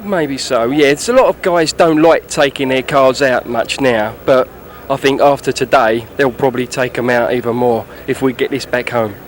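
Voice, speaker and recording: A man's voice: mid-range voice, steady tone, normal speed. A man from England with an Essex accent, chatting casually and enthusiastically as a guest at an outdoor car show. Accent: Essex English. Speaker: interview guest. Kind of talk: casual chat.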